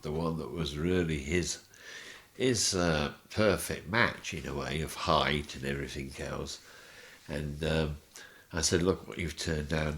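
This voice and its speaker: A man on a podcast telling animated showbiz stories, laughing as he acts out the people in them. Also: a bass voice. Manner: animated, laughing storyteller acting out voices. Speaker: guest telling anecdotes. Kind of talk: podcast interview storytelling.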